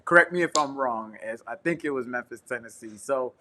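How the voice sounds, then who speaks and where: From his home couch, a man who co-hosts a casual talk show and works as a traveling preacher tells a travel story full of slang, acting out the people in it. His mid-range voice comes across brisk, pushed, and bright.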